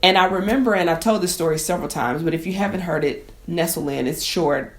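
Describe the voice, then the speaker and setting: Woman, chef, deep voice, heartfelt conversational storytelling. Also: quick pace. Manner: emotional, conversational, addresses viewers as y'all. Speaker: chef and cooking teacher. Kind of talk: personal story to camera.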